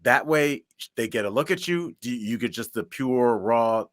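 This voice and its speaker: Joking his way through his theories, the same co-host keeps the podcast talk casual. He speaks at a normal pace with lively intonation in a mid-range voice, and the clean studio recording has no audible room.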